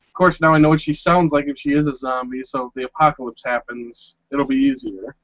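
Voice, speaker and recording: A man co-hosting a podcast, telling animated, exasperated stories and acting out quotes in casual chat. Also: fairly high pitch, brisk, no echo. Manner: animated, exasperated storyteller who acts out quotes. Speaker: podcast co-host. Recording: muffled lo-fi podcast audio.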